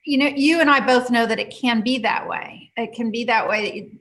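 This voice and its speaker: A woman with a fairly high voice tells a story from her healing practice in relaxed conversation. She talks in a lively, halting way, full of fillers and restarts, and laughs often.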